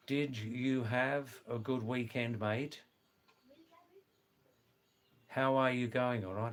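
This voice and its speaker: An older man with an accent between British and Australian, a retired nurse chatting on a live stream slowly and deliberately. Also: mid-range voice, fairly even intonation. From England, raised in Australia. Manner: slow, deliberate, with many fillers. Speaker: livestream host, retired nurse. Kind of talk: casual live-stream chat.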